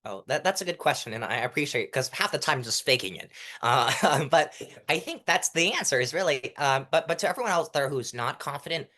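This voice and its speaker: Young male guest, animated coaching tone, very lively pitch. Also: brisk. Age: young adult. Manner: animated, demonstrates delivery styles mid-sentence. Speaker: guest, mock trial competitor. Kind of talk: casual interview coaching talk.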